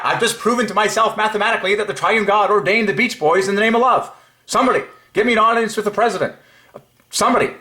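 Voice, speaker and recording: A man hosting a religious video at his home desk, talking fervently to the camera and swinging between hushed musing and excited exclaiming. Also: medium pitch. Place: home desk by computer monitors.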